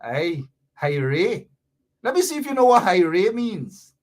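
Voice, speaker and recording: A woman's voice: on the low side, sing-song, takes it slowly, a little mellow. A woman with a Guyanese accent, talking to viewers in a livestream about politics and playfully teaching local Creole phrases. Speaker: political commentator.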